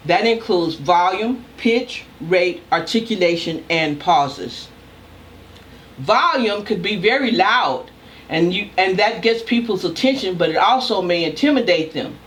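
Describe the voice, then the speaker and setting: An older woman, a communication professor, giving a recorded lecture in a loud, emphatic, deliberate way. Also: lowish voice, slight background noise.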